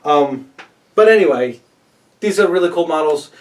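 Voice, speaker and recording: A man with a slightly high voice co-hosts a casual chat, upbeat and chatty, sometimes tripping over names. He sits a little far from the microphone. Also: animated, moderate pace. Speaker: co-host. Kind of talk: casual chat reviewing crowdfunding campaigns.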